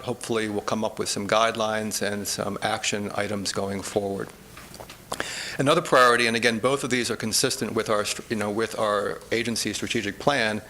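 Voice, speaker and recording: Low-voiced health officer giving report. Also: male voice, slight background noise. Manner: steady, explanatory, repeats "again". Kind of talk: agency report at a meeting. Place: meeting room.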